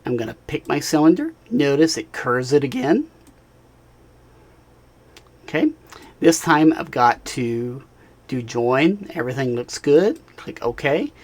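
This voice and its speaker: A man narrating a software tutorial screencast, talking casually as he clicks through steps and checking in with the viewer. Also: medium pitch, very animated, a little slow, pauses often. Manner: casual, talks while clicking, frequent "all right" and "right?". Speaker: instructor.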